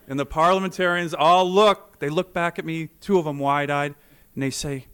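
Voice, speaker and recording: A man's voice: fairly high pitch, moderate pace, a bit bright, clean tone. A middle-aged man, a senator, giving a formal speech to a legislative chamber, telling anecdotes with self-deprecating jokes.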